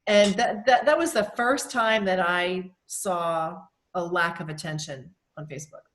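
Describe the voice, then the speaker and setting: A woman's voice: lowish voice, unhurried, a bit bright, a little hiss or hum. A woman leading a casual sales team call, encouraging and affirming her team.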